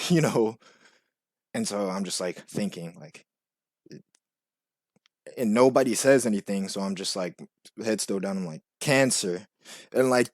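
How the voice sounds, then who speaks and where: Low-voiced young man, rambling storyteller. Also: no room sound, studio quality. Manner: rambling, filler-heavy with frequent "like" and "you know"; acts out quoted voices in a much higher pitch. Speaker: vlogger. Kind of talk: casual storytelling monologue.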